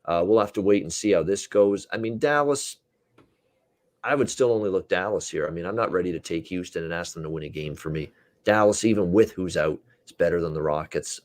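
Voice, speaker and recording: A man's voice: low-pitched, brisk, dry recording. A man hosting a sports betting talk show, chatting loosely with many fillers.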